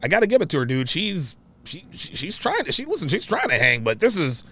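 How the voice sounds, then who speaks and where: A man hosting a reaction show, commenting on a clip in an excitable way and often repeating himself. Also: a little high, fairly quick, gravelly. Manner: excitable, interrupts and repeats phrases.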